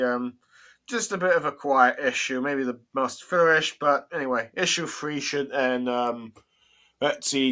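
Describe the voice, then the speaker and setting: Bright-voiced man chatting casually. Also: medium pitch. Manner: hesitant, many fillers and chuckles. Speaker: podcast host. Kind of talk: casual comic review chat.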